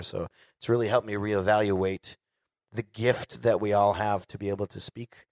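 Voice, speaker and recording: Low-voiced man telling a candid story. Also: moderate pace, no room sound, studio quality. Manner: profane, candid, animated storyteller. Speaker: guest singer. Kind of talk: casual storytelling before a live audience.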